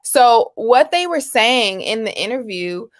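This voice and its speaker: Animated, high-voiced woman co-host. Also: unhurried. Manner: expressive, animated, frequent asides. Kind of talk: casual chat.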